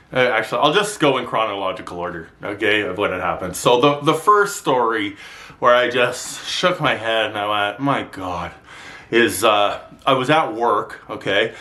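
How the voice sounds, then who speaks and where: A man vents straight into a handheld camera, his mid-range voice swinging from tired sighs to loud disbelief. He swears freely and tells his stories with animated frustration. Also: medium pitch. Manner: exasperated, sweary, animated storytelling. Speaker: vlogger. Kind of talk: ranting vlog monologue. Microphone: handheld camera mic.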